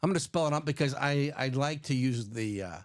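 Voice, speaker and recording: A man with a Chicago accent hosting a live sports card break, chatty and animated, laughing often. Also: mid-range voice, fairly quick. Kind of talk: casual live-stream chat.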